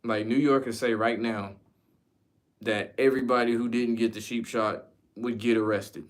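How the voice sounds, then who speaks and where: A man's voice: mid-range voice, fairly even intonation, normal speed. A man from the United States chatting casually as a streamer, answering viewer questions in a loose, slangy, profane way. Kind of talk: casual chat.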